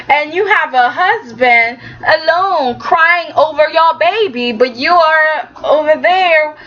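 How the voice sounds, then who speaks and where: A woman with a high voice chats through a soap opera recap, sassy and animated, slipping into the characters' lines as she tells it. The recording sounds a little dull and lo-fi. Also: slow pace. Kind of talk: casual recap vlog.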